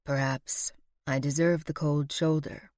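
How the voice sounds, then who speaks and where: A woman voicing a manipulative, smooth-talking villainous man in low, soft, menacing tones. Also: a little slow, no room sound, studio quality. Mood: coaxing.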